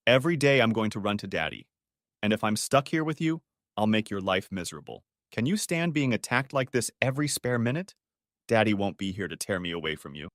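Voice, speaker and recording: Man doing a cold teenage daughter, calm, threatening, dry sound. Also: on the low side, brisk, no echo.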